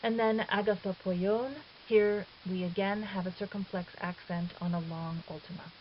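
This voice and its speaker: A woman's voice: medium pitch, fairly even intonation, normal speed. A woman teaching a recorded grammar lesson, explaining step by step in a patient, methodical way. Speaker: Greek teacher. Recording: dull lo-fi audio with faint hiss.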